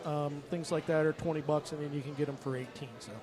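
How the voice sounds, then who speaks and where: A man with a slightly high voice chats easily about his brewing. He tells relaxed stories at the table. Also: quick pace, over music. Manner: relaxed storytelling. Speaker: brewer. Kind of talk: casual tasting chat.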